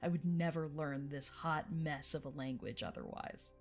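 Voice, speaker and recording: A woman's voice: sits low, moderate pace, a little mellow, faint music behind. A woman hosting a livestream, chatting casually with viewers in a rambling way and laughing often. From United States. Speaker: livestream host.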